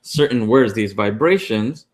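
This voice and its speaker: Man, low voice, online class co-host, casual, rambling with fillers. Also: animated, a little slow. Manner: rambling, many fillers and restarts. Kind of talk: casual teaching talk. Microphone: online class call.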